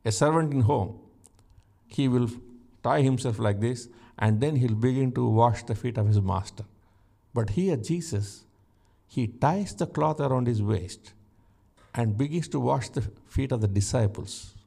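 A man preaching a sermon, teaching slowly and emphatically from scripture and rising to exclamations. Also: mid-range voice, creaky, mellow.

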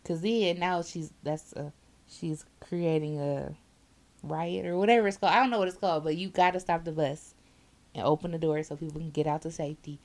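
A woman with a somewhat low voice, chatting casually about her job driving a bus. She tells her stories in an animated way and acts out what people said. Her talk is blunt and full of profanity. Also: a little fast. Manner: animated storyteller, acts out quotes, laughs often. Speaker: bus driver. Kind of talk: casual chat, telling work stories.

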